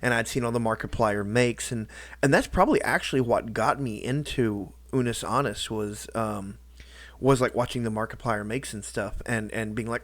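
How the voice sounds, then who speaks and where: A man talking in a casual personal vlog, halting and rambling, with lots of restarts and fillers. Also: mid-range voice, fairly bright tone, no echo. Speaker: YouTuber.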